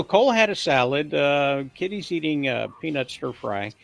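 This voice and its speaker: A man's voice: a little high, sing-song, gravelly, fairly bright tone, dry recording. A man hosting a casual live-stream chat with guests on a video call, joking and poking fun at himself. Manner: self-deprecating, joking, drawn-out teasing. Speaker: host of a live watch-along stream.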